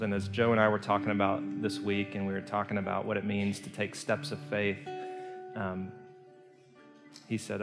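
A male pastor preaching a sermon, telling the story earnestly and moving between hushed and emphatic delivery. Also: fairly low pitch, little pitch movement, a little slow, vocal fry, long pauses. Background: soft guitar music.

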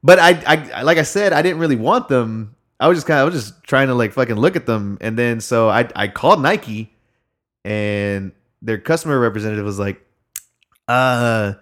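A man's voice: mid-range voice, moderate pace, fairly bright tone. A young man in casual chat, telling a long rambling story with lots of fillers and swearing.

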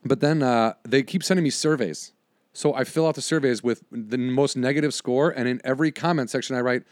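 A young adult man in casual chat, telling stories in an animated way, swearing and acting out what people said. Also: medium pitch, brisk, dry recording, studio quality. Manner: animated storyteller, swears, acts out exchanges.

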